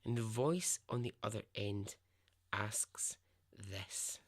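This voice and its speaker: A man's voice: fairly low pitch, fairly even intonation, slow, breathy edge. A man hosting a podcast, telling a true story in a conversational, emphatic way and swearing freely. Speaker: podcast host.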